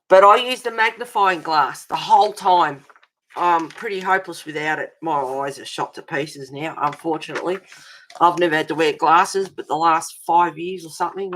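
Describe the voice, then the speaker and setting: Middle-aged woman, deep voice, chatty home livestream host, talks with viewers by name over a webcam, fussy about detail. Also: a bit bright, a little hiss or hum. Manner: chatty, answers viewers' comments with endearments; self-described fussy and pedantic. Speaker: livestream host of a colouring channel. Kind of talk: casual livestream chat. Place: home, at a table.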